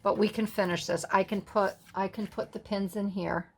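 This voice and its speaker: A woman's voice: mid-range voice, steady tone, moderate pace, breathy edge. A middle-aged woman hosting a casual crafting tutorial, chatting in rambling, self-amused asides as she works. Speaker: craft video host.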